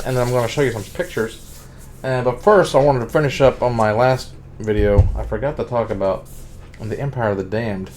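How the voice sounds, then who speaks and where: A man's voice: mid-range voice, fairly quick, a little mellow, a little hiss or hum. Rambling man talking books casually. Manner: rambling, heavy use of "like", profane asides. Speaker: streamer. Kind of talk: casual monologue about books.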